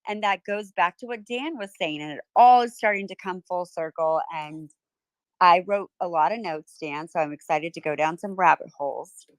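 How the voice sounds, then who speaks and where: A woman's voice: fairly low pitch, moderate pace, no echo. A woman hosting a podcast, talking in an emphatic, impassioned way. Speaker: podcast host. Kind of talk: casual chat.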